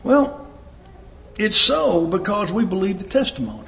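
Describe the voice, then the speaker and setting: A man preaching a sermon with emphatic delivery and sudden swings in pitch and loudness. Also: huge pitch swings, measured pace, gravelly, echoey room.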